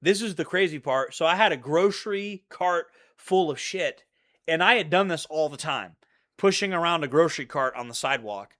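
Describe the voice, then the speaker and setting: A man with a bright, forceful voice talks in a casual, meandering monologue. His pitch sits a little above average, and he keeps repeating phrases as he goes. He swears freely and loops back on his points. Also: lively intonation, moderate pace. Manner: rambling, profane, repeats himself. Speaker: channel host.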